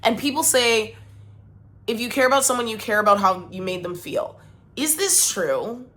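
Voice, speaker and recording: A woman's voice: a little high, normal speed. Exasperated woman venting to camera. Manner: emphatic, exasperated, lively. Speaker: vlogger. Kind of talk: casual talk to camera.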